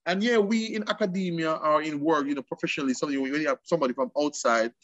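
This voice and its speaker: A man's voice: on the high side, racing, fairly bright tone, no room sound, lo-fi sound. A man with a Jamaican accent speaking as an interview guest, switching between patois and English with passionate emphasis.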